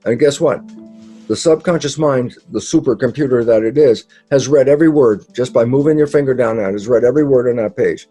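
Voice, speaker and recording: Male interview guest with a mellow, mid-pitched voice. Lively storyteller who acts out his own quotes, over faint background music. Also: brisk, slightly rough. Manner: emphatic and repetitive, with occasional laughs and mild swearing. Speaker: guest speaker, biologist. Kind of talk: conversational explanation in an interview.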